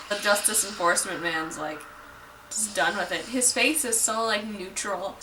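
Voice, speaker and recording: Bright-voiced chatty woman reacting to anime. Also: mid-range voice, moderate pace, recorded from a distance, rough recording. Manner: chatty, lots of "like", wry asides. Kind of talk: casual reaction commentary. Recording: voice a bit off-mic with faint noise.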